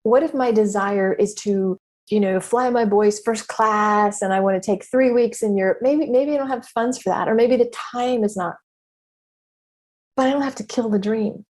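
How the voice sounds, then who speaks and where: Talking at a normal speed in a mid-range, slightly mellow voice, a middle-aged podcast host and business mentor reflects in a relaxed way. She's candid and expressive and swears without restraint.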